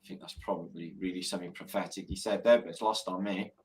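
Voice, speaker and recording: A man's voice: low voice, fairly even intonation, fast, a little mellow. A man hosting a live stream, chatting casually, swearing freely and telling dad jokes. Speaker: livestream host.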